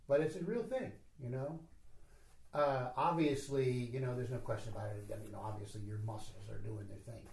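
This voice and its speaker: A man giving a slow, measured teaching talk at a retreat, with soft asides to his listeners. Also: medium pitch, reverberant. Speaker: spiritual teacher. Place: retreat hall.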